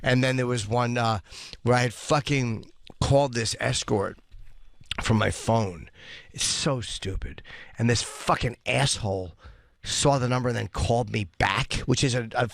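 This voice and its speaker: Gravelly American male radio co-host, dry studio sound, blunt and profane. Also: mid-range voice, a little slow, fairly bright tone, no room sound. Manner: blunt and profane, self-deprecating. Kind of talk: candid studio talk. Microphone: studio mic.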